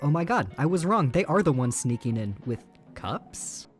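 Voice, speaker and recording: A woman's voice: low-pitched, sing-song, normal speed. A woman talks through a bad movie with dry sarcasm and exasperation. Faint music plays under her commentary. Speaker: movie reviewer.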